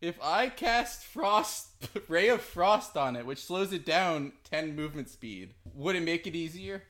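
High-voiced joking male player. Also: expressive, unhurried, a bit bright. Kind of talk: casual tabletop play.

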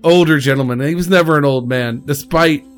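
A man hosting a podcast, giving a halting, emotional spoken tribute while fighting back tears. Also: a little high, faint music behind. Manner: halting, rambling, with restarts. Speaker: podcast host.

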